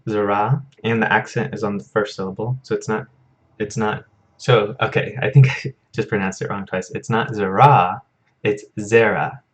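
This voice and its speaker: A young man teaching a casual vocabulary lesson in a relaxed, self-correcting way, chuckling at his own memory tricks. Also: fairly low pitch, moderate pace. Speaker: Hebrew teacher.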